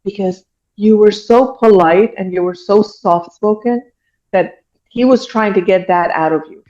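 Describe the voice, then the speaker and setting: Middle-aged woman guest, animated storyteller who plays out quotes, medium pitch, dull lo-fi recording. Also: a little slow. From Iranian American. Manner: animated storyteller, acting out other people's lines. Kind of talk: casual chat. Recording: muffled dull audio.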